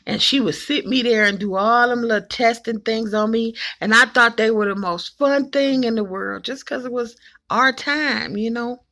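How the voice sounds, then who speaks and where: A woman in her forties from Cleveland, telling folksy, animated family stories to the camera and hushing her voice to mimic her mother. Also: a little high, moderate pace. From Cleveland, Ohio. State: emotional, choked up at times. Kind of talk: personal storytelling to camera.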